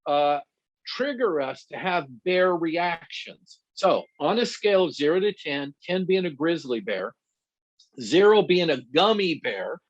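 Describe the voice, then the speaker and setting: A man's voice: on the high side, unhurried. A middle-aged man, a guest pastor and counselor, teaching conversationally through personal stories and laughing at himself. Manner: animated storyteller who laughs at himself. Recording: dull lo-fi dry sound.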